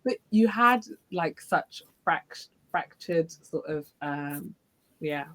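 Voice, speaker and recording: Woman, slightly low pitch, chatty guest, hesitant phrasing. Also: lively intonation, slow pace, fairly bright tone, poor audio. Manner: chatty, thinks aloud with hesitations. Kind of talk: casual conversation.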